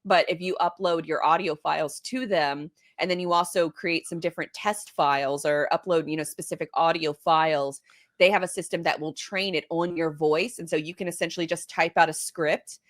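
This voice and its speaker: A woman hosting a casual podcast, chatting in a relaxed way with her guest. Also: low voice, normal speed. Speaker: podcast host.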